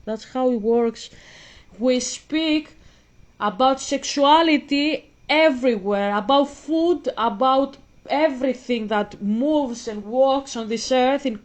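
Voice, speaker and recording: A woman delivers a heated vlog rant, emphatic and argumentative as she talks straight back at a critic. Her voice sits a little high. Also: slow. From Greece. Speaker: vlogger. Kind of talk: casual ranting monologue to camera.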